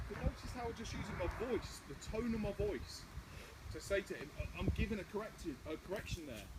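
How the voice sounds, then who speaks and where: A man explaining dog training and barking short, firm commands, his voice rising and falling a lot. Steady outdoor noise sits clearly behind him. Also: high-pitched, fairly quick.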